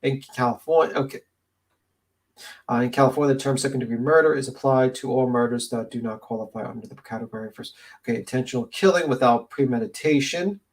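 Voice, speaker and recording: A man with a stuffed-up, sniffly nose hosting a casual panel discussion, reading definitions aloud with halting restarts. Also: medium pitch, low-quality recording. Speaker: panel host.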